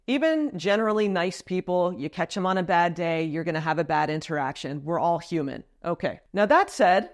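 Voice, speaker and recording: A woman in her thirties hosting a casual question-and-answer video, giving frank, lively advice with expressive swings in pitch. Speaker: vlog host.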